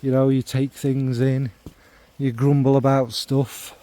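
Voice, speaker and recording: This is a middle-aged man who talks casually and wanders off on asides. He makes fun of himself often and fills his pauses with ums. His voice is warm and mellow and sits at an ordinary pitch. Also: flat delivery, no room sound. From North Midlands of England. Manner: rambling, self-deprecating, full of ums and asides. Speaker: fragrance vlogger. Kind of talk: casual spoken monologue.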